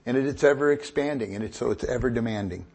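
A middle-aged man preaches with a husky, slightly breathy voice. He swings from quiet asides into loud, emphatic bursts and keeps the room laughing along with him. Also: mid-range voice, quick pace. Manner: animated, joking preacher with rising emphatic bursts. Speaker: pastor. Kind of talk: sermon.

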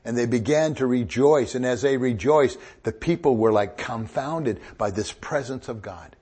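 A middle-aged man preaches with a husky, slightly breathy voice. He swings from quiet asides into loud, emphatic bursts and keeps the room laughing along with him. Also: medium pitch, normal speed. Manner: animated, joking preacher with rising emphatic bursts. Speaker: pastor. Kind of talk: sermon.

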